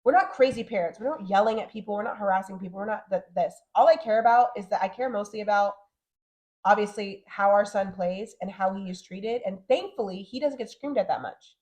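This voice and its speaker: A woman's voice: medium pitch, lo-fi sound. A woman in her thirties co-hosting a podcast, chatting casually and animatedly, often acting out what others said. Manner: animated, talks fast and acts out quotes. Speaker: podcast co-host. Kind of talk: casual chat.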